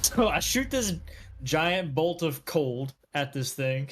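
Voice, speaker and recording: A man playing a tabletop game, describing his moves in a relaxed, halting way. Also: a little high, soft background music. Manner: relaxed, hesitant, lots of fillers. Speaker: player. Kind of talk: casual tabletop game play.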